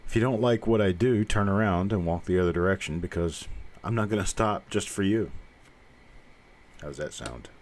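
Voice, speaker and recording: A man's voice: deep voice, moderate pace. A man in his fifties from the American South with a faint Southern accent, hosting a live coin stream, blunt and rambling with self-mocking asides. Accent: mild Southern American. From Southern United States. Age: 50s. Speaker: host. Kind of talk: casual live-stream chat.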